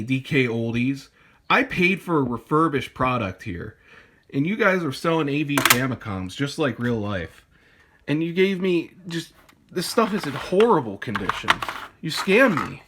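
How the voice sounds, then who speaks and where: A young man ranting in a satirical vlog, mock-outraged, swinging between low mumbles and shouting. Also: noisy background. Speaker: YouTuber. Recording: music playing underneath.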